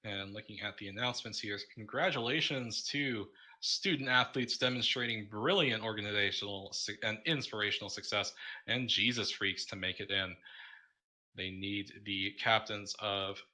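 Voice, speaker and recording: A tired man casting a tournament livestream with a very bright, forceful edge to his low-set voice. He talks haltingly, full of ums and restarts, as he wraps up the broadcast. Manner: tired, halting, many fillers. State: tired, yawning. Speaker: tournament caster. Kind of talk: casual livestream wrap-up.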